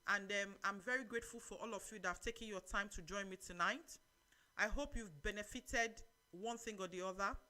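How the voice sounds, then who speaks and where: A middle-aged woman with a Nigerian accent hosting a live church talk show, preaching lively advice and reading out viewer comments. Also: medium pitch, fairly quick. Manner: lively, preachy, mixes in Nigerian Pidgin phrases.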